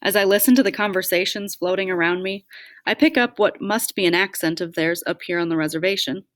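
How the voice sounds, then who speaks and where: A woman's voice: fairly low pitch, a little fast, no echo, clean studio sound. A woman reading a first-person audiobook with a wry, self-deprecating way of telling it. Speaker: audiobook narrator.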